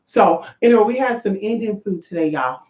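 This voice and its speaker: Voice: mid-range voice, animated, brisk, a little mellow. Sassy spiritual teacher ranting casually, swears a lot, roomy kinda muffled sound. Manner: brash, profane, sassy. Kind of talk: casual vlog monologue. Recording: echoey, slightly dull room sound.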